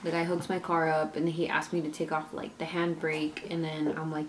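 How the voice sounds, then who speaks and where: A woman's voice: low-pitched, completely flat delivery, moderate pace, few pauses, noisy background. A young woman, a mother and vlogger, chatting through a storytime and acting out every exchange with lots of "like.". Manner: chatty, retells scenes with many "like"s and quoted dialogue. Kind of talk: casual storytime vlog.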